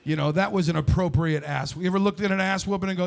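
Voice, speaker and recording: A man in his forties doing a stand-up comedy set, brash and loud with crude storytelling. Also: sits high, fast talker, creaky. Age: 40s.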